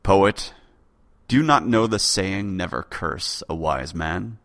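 A tall, mysterious warrior speaks low and unhurried, voiced by a man. His deep voice keeps a calm, commanding hush, with a bright edge on the consonants and no room around it. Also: no room sound, full character voice.

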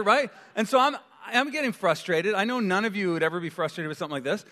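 Brief: male pastor, slightly high voice, preaching conversationally with humorous asides in a reverberant church. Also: lively intonation, fast talker, bright, forceful tone. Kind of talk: sermon. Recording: long church hall reverb.

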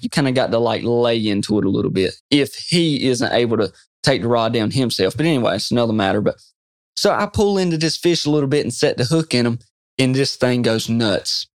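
A man, a guest telling an excited fishing story in an interview, quoting himself often. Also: mid-range voice, dry recording, clean studio sound. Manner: excited, animated storyteller who quotes himself a lot. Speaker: guest angler.

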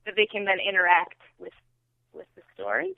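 A mid-pitched podcast co-host trades playful, teasing banter in casual chat. The voice comes through a thin, tinny, phone-like line. There is no room echo. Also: expressive, fairly quick, creaky.

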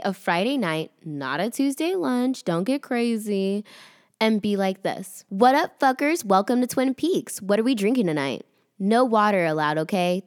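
A woman's voice: mid-range voice, dry recording, clean studio sound. Brash, profane woman telling stories. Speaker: storyteller. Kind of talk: casual storytelling monologue.

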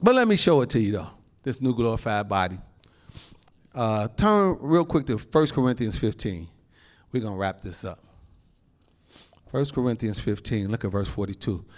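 A male pastor preaching a sermon in an animated, folksy way, laughing often and calling out to the congregation. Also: lowish voice, moderate pace, long pauses. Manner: folksy informal phrasing.

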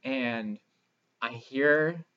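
A man's voice: mid-range voice, very slow, smooth. A young man co-hosts a podcast, telling crude stories in a loose, rambling way full of fillers. The recording sounds slightly dull. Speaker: podcast co-host. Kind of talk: casual comedic chat.

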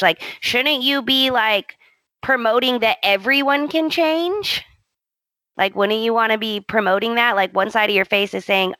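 Young woman podcaster, bright voice, dry close sound, quick exasperated chat. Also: mid-range voice, no echo. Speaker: podcast co-host. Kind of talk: casual chat recapping a soap opera.

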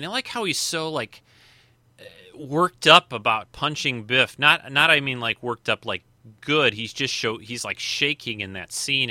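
A man's voice: medium pitch, bright, forceful tone, no echo. A man hosting a casual film commentary, rambling along with many fillers and restarts. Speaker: podcast host.

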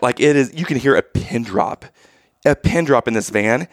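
A man with a gravelly, creaky voice recounts a vacation story in easy conversational podcast chat. He grows animated, his pitch jumping up when he acts out his own frustration. The sound is close and dry, with no room around it. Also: normal speed, no echo. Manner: animated, rising to loud exasperation when quoting himself. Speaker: podcast co-host.

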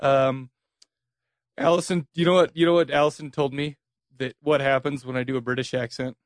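A man's voice: medium pitch, flat delivery, brisk, no room sound. A man co-hosting a podcast in casual chat, laughing often and teasing his co-host.

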